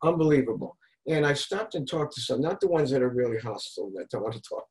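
A male podcast host talks in loose, rambling conversation, often restarting his sentences. His voice sits at an ordinary middle pitch for a man. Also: animated, fast talker, darkish tone, poor audio. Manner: rambling, restarts, retells street encounters. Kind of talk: casual chat.

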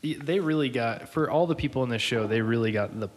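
A man's voice: medium pitch, fast talker. A man on a casual podcast, teasing and sarcastic in his remarks. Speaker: podcast co-host. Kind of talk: casual chat.

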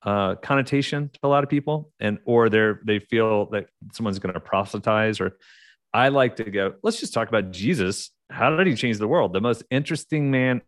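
A middle-aged man with an Oklahoma accent speaks as a podcast guest, his voice sitting on the low side. He rambles through his stories, restarting sentences and leaning on fillers. The sound is dry and close to the mic. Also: moderate pace, no room sound. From United States. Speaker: podcast guest, leadership author. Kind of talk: casual interview storytelling.

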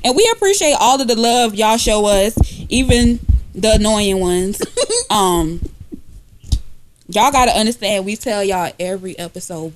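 A young woman co-hosting a casual comedy podcast, joking loudly, laughing often and breaking into shouts and sung lines. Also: a little hiss or hum. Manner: loud, laughing often, bursts into high singing and shouting. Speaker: podcast co-host.

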